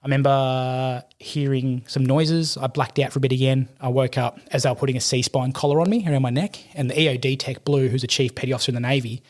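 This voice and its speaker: A middle-aged Australian man telling a war story in casual chat, animated and swearing, acting out the quotes. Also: mid-range voice, quick pace, hardly any pauses. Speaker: podcast guest, army veteran.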